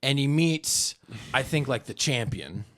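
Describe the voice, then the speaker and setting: A man co-hosting a podcast, pitching a movie in casual comedic chat and slipping into goofy put-on voices. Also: expressive, a little slow. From born in Japan. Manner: playful, slips into goofy put-on voices and shouts.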